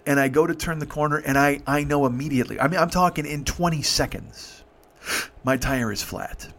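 A man's voice: a little high, a bit bright. A man in his fifties, hosting a podcast, telling a long story in a profane, rambling way with many restarts. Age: 50s. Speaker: podcast host. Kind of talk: casual storytelling.

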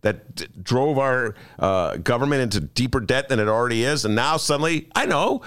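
A male talk radio host riffs sarcastically on the day's politics from a studio mic. His mid-range voice swings widely in pitch as he jokes. The sound is dry and close. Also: lively intonation, normal speed, fairly bright tone, smooth, dry recording. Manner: sarcastic, riffing, jokey asides to the audience.

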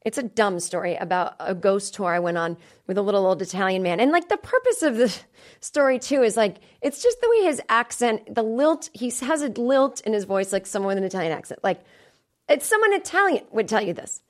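A woman's voice: medium pitch, brisk. A woman in her thirties hosting a comedy podcast from a studio, chatting casually and acting out the voices of people in her stories. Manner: chatty, animated storyteller acting out quoted voices. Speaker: podcast host.

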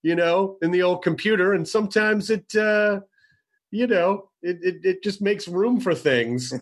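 High-voiced excitable man hosting a podcast. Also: a little slow. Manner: excitable, swears freely, animated storytelling. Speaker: podcast host. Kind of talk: casual podcast chat.

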